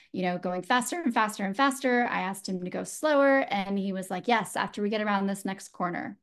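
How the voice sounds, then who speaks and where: A woman speaks as a guest, telling a personal story in an earnest, reflective way. Her pitch sits in an ordinary middle range for a woman, and she often pauses, restarts and adds small fillers as she goes. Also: vocal fry. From San Francisco, USA. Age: adult.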